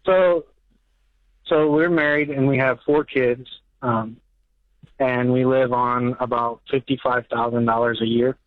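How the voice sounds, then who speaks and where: A man's voice: mid-range voice, steady tone, a little slow, no room sound. A nervous man calling in to a radio show, asking his question hesitantly with lots of fillers. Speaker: caller. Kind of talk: call-in question. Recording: tinny phone line.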